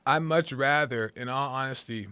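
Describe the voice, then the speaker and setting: A man as a podcast guest in casual chat, relaxed and rambling with many fillers. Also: medium pitch, moderate pace, clear, resonant tone, dry recording.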